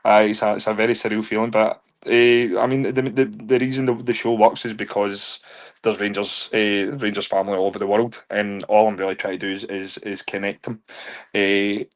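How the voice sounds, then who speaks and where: This guest, a man in his thirties who creates touring stage shows, tells stories in a casual podcast chat at normal speed. His voice is lowish and level in tone, and he laughs often and trips over repeated words.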